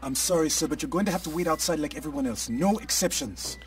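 An actor playing a brisk, stern male emergency room physician who is short on time, in video game voice acting. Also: fairly high pitch, far from the mic, close to an everyday voice. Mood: harried. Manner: brisk, officious, rushed.

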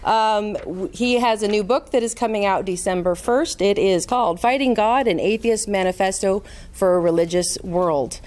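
A woman's voice: mid-range voice, moderate pace, hardly any pauses, a little mellow. Chatty woman introducing a speaker. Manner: informal, chatty, with fillers. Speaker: event host.

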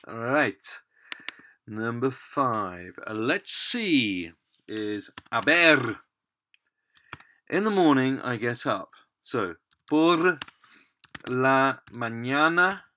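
Slow, bright-voiced man teaching Spanish. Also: mid-range voice. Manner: slow, patient, typing while explaining. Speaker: language teacher. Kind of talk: screen-recorded language lesson.

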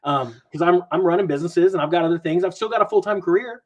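A man talks markets in a loose, rambling podcast chat and acts out whole exchanges on the fly. His voice is husky and slightly high, and it bounces around with energy. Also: quick pace. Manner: animated, rambling, acts out quoted people. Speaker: guest investor commentator.

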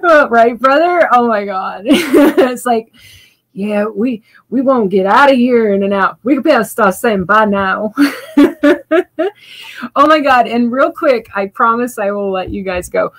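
A woman's voice: mid-range voice, moderate pace, hardly any pauses, a bit bright, rough recording. Rambling, chatty Southern-raised woman. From Louisiana, US South. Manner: rambling and chatty, with frequent restarts and laughter. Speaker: livestream host and spoken-word poet. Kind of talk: casual livestream sign-off.

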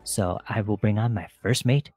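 A man's voice: fairly low pitch, normal speed, a little mellow, breathy edge, faint music behind. A young man hosting a casual podcast chat, playful and jokey, often stumbling over his words. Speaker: podcast host.

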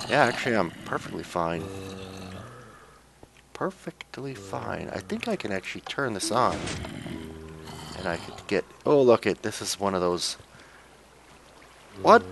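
A man's voice: fairly low pitch, fairly bright tone, a little hiss or hum. A young man giving casual, jokey commentary while playing a game, chatting to himself and coaxing the characters on screen. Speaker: let's play gamer.

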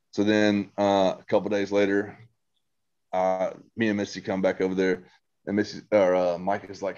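Casual male storyteller, low pitched, swears and rambles, muffled lo-fi recording. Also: fairly even intonation, a little fast, darkish tone. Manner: rambling ghost story with restarts, swearing and quoted voices. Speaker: podcast guest, host's brother.

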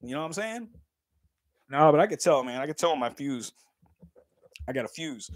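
A man's voice: on the high side, lively intonation, moderate pace, no room sound, studio quality. A man in his thirties chatting casually on a livestream, laughing often, swearing freely and talking straight to his viewers. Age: 30s.

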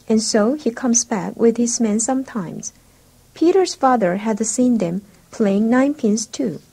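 A woman reading a storybook aloud for English learners, slow, clear and even. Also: on the high side, low-quality recording. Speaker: audiobook narrator.

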